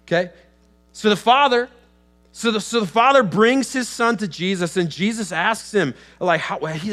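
A male pastor delivering a sermon in a church sanctuary. His voice sits a little high for a man, and he talks in an easygoing, conversational way, often restarting phrases and acting out the people in the story. A faint electrical hum runs underneath the recording. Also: animated, normal speed, a bit bright. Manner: conversational with frequent restarts and acted-out quotes.

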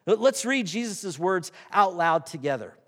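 A man preaching a sermon as pastor, animated and reading scripture aloud with dramatic pauses. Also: high voice. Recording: long hall reverb.

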